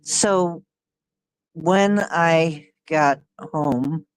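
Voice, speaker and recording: A woman hosting her channel, telling a personal story in a halting way, often repeating herself and sighing. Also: low-pitched, smooth, no echo. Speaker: channel host.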